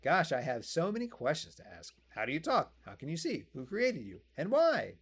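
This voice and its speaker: A man's voice: fairly high pitch, huge pitch swings, moderate pace, breathy edge, pitched above the performer's own voice, full character voice. A man voicing a curious, forward young woman from a video game, reading her lines in a chatty, eager manner.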